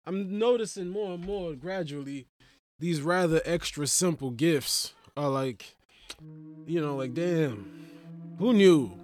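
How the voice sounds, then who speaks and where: A man doing a casual comedic monologue as a podcast host, rambling and profane, slipping into loud voiced asides. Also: fairly high pitch, dry recording.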